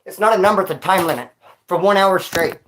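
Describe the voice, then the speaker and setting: A man's voice: sits high, quick pace, fairly bright tone, a little hiss or hum. A man telling stories on a casual vlog into his phone, winded after exercise, talking street slang and calling the listener dog and homie. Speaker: vlogger.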